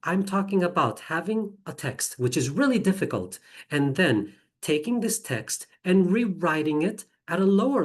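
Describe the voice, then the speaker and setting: A woman teacher trainer giving an online presentation while screen sharing, chatty and enthusiastic with quick apologetic asides, on a computer mic. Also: sits low, husky.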